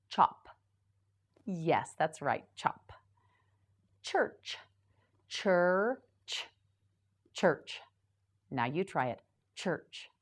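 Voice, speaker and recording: A woman teaching English vocabulary to beginners, saying each word slowly and clearly, asking the listener to repeat it, then explaining it in simple sentences. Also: lowish voice. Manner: very slow, repeating words for the learner to echo.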